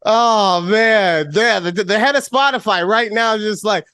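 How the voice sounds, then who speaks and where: A man co-hosting a casual podcast chat over a remote call, talking in an animated, playful way and swearing often. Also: sits high, measured pace, few pauses, smooth, no room sound. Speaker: podcast co-host.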